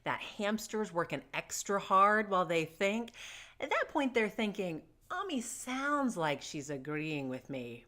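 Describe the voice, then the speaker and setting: Lively, joking woman in midlife. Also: medium pitch, a little slow. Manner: joking, self-deprecating, animated storyteller. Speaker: parenting vlogger. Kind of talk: casual advice to camera.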